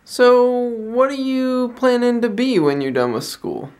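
A man voicing a kindly older Scottish library worker who speaks in a gentle Scottish accent and asks friendly questions. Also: very high voice, expressive, measured pace, clear, resonant tone, voice pushed up, exaggerated voice.

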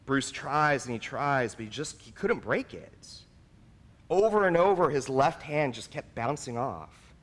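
Earnest male pastor, lively slightly high voice, recorded in a reverberant church. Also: unhurried. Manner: earnest, personal and confessional. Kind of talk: sermon. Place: church sanctuary.

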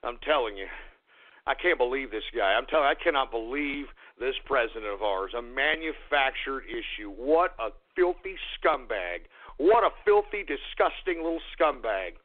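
A man hosting a radio show, ranting angrily about politics, swearing and shouting, repeating his lines. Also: mid-range voice, expressive, moderate pace. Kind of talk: angry political radio rant. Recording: tinny phone-like radio broadcast.

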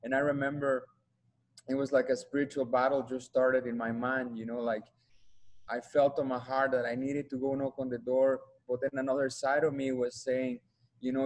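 The audio is poor as a man, his accent Mexican Spanish and his voice flat at medium pitch, offers his testimony as a guest speaker. Earnestly and haltingly, he circles back over his words while trying to find them.

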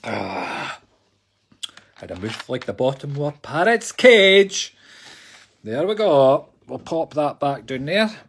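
A man's voice: a little high, sing-song, takes it slowly, long pauses, fairly bright tone, breathy edge. A Scottish man, a psychic medium, giving readings on a live stream in a chatty, jokey way and talking to viewers as folks.

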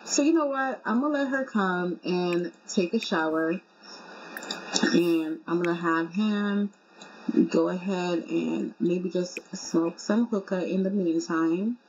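A young woman casually commenting on her life-simulation game in an excitable, informal way. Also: lowish voice, slow pace, husky. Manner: chatty, excitable, informal with fillers like y'all. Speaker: gaming video creator. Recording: slightly muffled with faint hum.

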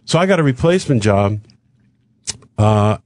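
An older man telling a long show-business story on a radio talk show, acting out the dialogue of the people in it with quick asides. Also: lowish voice, no room sound, clean studio sound. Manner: animated anecdote with acted-out dialogue and quick asides. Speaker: guest comedian telling a story.

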